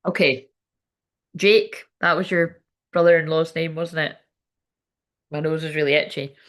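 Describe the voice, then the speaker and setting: A woman's voice: deep voice, fairly even intonation, unhurried. A woman working as a psychic medium, giving a live-streamed spiritual reading in a chatty, rambling, sweary way while hiccuping now and then.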